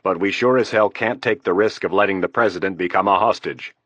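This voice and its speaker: A man's voice: low-pitched, brisk, a bit bright, dry recording, muffled recording. A man voicing a stern male army general who presses his case firmly and urgently.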